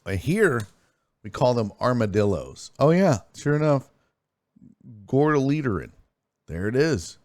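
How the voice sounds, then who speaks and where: Hosting a sports stream, this man keeps things loose, swapping stories and reading viewer messages out loud while swearing freely. He talks at a normal speed, animated, his pitch swinging widely. The close, dry recording has almost no room sound.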